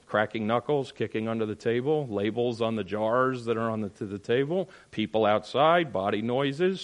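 A middle-aged man preaching a sermon as pastor, animated and emphatic, firing rhetorical questions at the congregation. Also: medium pitch. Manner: animated preaching, rising to loud emphatic peaks.

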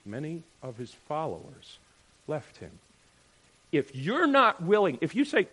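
A man preaching a sermon, animated, firing off rhetorical questions and checking in with "right?". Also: a little high, unhurried, long pauses. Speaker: pastor.

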